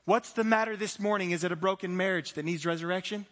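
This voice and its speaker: A man's voice: high-pitched, fast talker, fairly bright tone. A man preaching a conversational sermon as pastor, acting out little dialogues and chuckling as he goes. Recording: reverberant hall.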